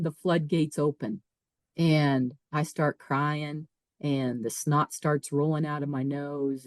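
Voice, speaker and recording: Low-voiced middle-aged woman telling her story. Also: no room sound. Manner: emphatic, repeats phrases, quotes her own thoughts aloud. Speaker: podcast guest. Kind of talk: personal storytelling.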